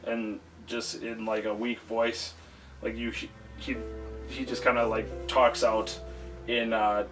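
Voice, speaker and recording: Halting man running a tabletop game. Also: mid-range voice, little pitch movement. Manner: halting, many fillers. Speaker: game master. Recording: distant mic, faint music.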